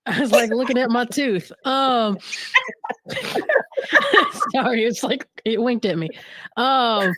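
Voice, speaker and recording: A woman's voice: a little high, moderate pace, no echo. A woman who directs a podcast network, talking in a candid, joking way on a casual panel, laughing often and restarting her phrases.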